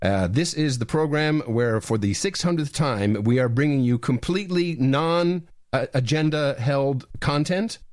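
Animated man co-hosting a podcast. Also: mid-range voice, measured pace, hardly any pauses, no room sound, studio quality. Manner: animated, emphatic, repeats words when excited. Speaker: podcast co-host. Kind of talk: casual chat.

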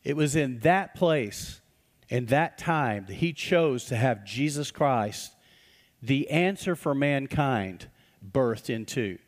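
A man, a pastor preaching a sermon in a church and telling folksy stories with acted-out voices. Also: mid-range voice. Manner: folksy storytelling, acts out quoted voices. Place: church sanctuary. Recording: reverberant church hall.

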